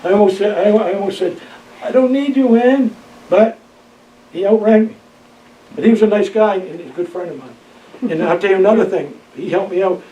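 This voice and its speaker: An older Maine man laughs his way through meandering, folksy memories of serving in the Coast Guard during an oral history interview in a library room. He speaks in a high, warm voice at a fairly quick pace, on a roomy, distant, dull recording with a faint hiss.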